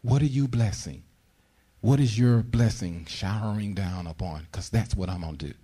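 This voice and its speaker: A man preaching a fervent sermon as pastor, acting out prayers in a high pleading voice between plain teaching. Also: normal speed, mellow, breathy edge.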